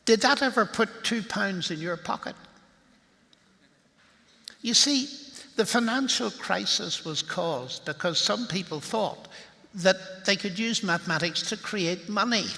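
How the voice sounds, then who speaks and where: A man's voice: sits high, pushed and bright. An older man with a Northern Irish accent giving a wry, argumentative public lecture. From Northern Ireland. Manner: wry, argumentative, building to punchlines. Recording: long reverb of a large hall.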